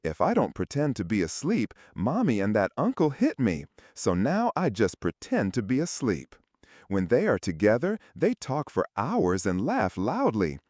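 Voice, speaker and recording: A man's voice: lowish voice, huge pitch swings, normal speed, a little mellow, no room sound, clean studio sound. A man voicing a scared six-year-old boy who pleads through tears in a spoken story. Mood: tearful. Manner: pleading, crying.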